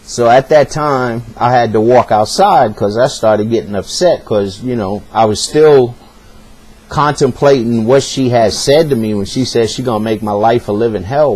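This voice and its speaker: A man's voice: medium pitch, a little mellow. A man telling a personal story in a casual, earnest way, sounding hurt and speaking straight to the listener.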